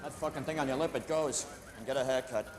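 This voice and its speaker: An actor playing a strict, foul-mouthed police superior, curt and barking orders, in a film scene. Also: male voice, medium pitch, quick pace, crowd noise, natural voice. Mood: scolding.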